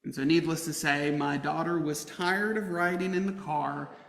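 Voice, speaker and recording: Male pastor, high voice, unhurried storytelling sermon, church hall echo. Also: vocal fry. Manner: storytelling with humor, lively emphasis. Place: church sanctuary. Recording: roomy church hall reverb.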